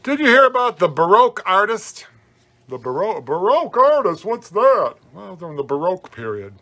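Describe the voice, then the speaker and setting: A man's voice: high-pitched, big pitch swings, moderate pace, bright, forceful tone, full character voice. A man playing a happy hobo clown as guest host of a family comedy show, rambling folksy stories and corny jokes. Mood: jolly. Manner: rambling, folksy, jokey, chuckling.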